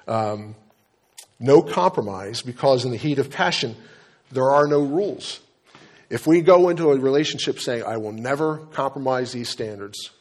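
A middle-aged man preaching as a pastor, telling stories and acting out dialogue, often restarting his sentences. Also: medium pitch. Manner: storytelling preacher, acts out dialogue, frequent restarts. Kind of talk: sermon.

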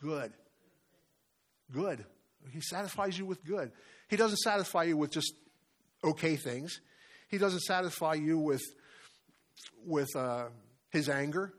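A man's voice: a little high, unhurried, pauses often. A middle-aged man preaching a sermon in an earnest way, often asking his listeners questions. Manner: earnest, asks many questions. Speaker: pastor or Bible study leader.

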